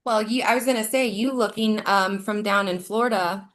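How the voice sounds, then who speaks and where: A woman's voice: mid-range voice, normal speed, fairly bright tone. A woman real estate agent on a casual call, bubbly and emotional, laughing often. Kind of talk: casual video call chat.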